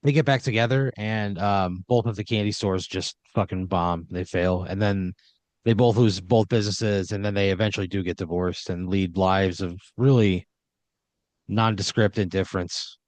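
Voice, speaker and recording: A man narrating an improvised comedy story as game master, deadpan and laid-back with lots of filler words. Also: deep voice, normal speed, dry recording.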